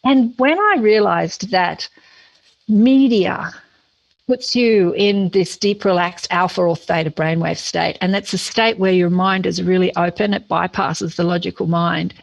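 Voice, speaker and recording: A middle-aged woman with an Australian accent, a chatty, animated guest who laughs easily and explains things at length in a casual interview. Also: lowish voice, unhurried, gravelly, no echo, muffled recording. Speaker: guest, spiritual teacher and podcaster.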